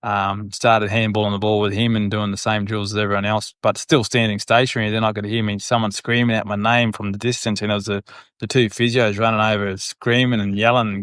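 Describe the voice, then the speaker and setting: Middle-aged Australian ex-footballer, casual guest chat, low and smooth, lots of "you know", dry close mic. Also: male voice, level tone, fairly quick, fairly bright tone, no echo. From Northern Territory, Australia. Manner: rambling, leans on fillers like "you know" and "whatnot"; chuckles while telling stories. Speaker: former footballer, podcast guest.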